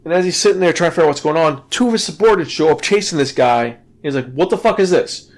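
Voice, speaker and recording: A man hosting a podcast, casually retelling a manga plot in an animated way, with swearing and frequent stumbling restarts. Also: on the high side, racing. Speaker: podcast host and manga reviewer.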